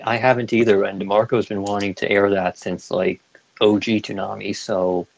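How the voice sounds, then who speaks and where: A man with a low, gravelly voice chats on a podcast in a relaxed way. He is agreeable and often answers with short replies. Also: moderate pace, low-quality recording. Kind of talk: casual podcast chat.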